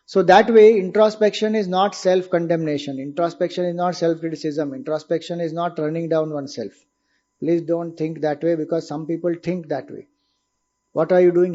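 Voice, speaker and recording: A man's voice: fairly high pitch, fairly even intonation, moderate pace, dark tone. A man with an Indian English accent giving an informal spiritual talk, explaining ideas conversationally and asking his listeners rhetorical questions. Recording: dull lo-fi recording.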